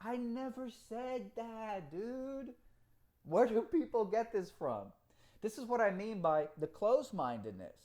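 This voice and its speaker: A man chatting on a live stream, reading out comments and talking in an animated, profane way with frequent laughs. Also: high voice. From Cuba.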